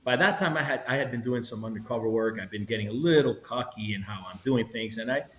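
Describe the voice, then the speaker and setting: Middle-aged man, interview guest, animated storytelling, roomy echo, slightly dull sound. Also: mid-range voice, quick pace. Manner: animated storyteller, acts out quotes, frequent restarts. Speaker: retired federal agent, interview guest.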